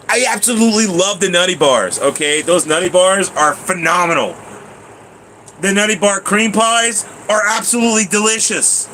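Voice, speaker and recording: A man chatting casually on a live stream, rambling and excitable, often laughing. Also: sits high, normal speed, a little hiss or hum, low-quality recording.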